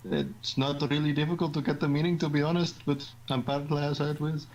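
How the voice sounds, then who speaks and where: A Scottish man voicing a snarky teenage girl club president in a game, teasing and trading crude, deadpan insults. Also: a little high, fast talker, lo-fi sound, slight background noise, lightly acted. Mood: mocking.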